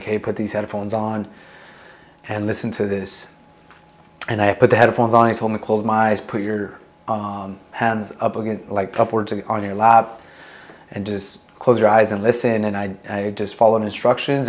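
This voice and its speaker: A young man, a Marine veteran, talks candidly about his past in a casual interview, swearing freely and filling his speech with "like" and "dude". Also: on the low side. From Long Beach, California. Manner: candid, profane, many fillers like "like" and "dude".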